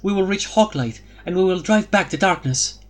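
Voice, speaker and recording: A man's voice: sits high, animated, moderate pace, pitched above the performer's own voice. A man voicing a regal, idealistic young queen in an audiobook, firm and earnest. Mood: resolute. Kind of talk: audiobook character voice.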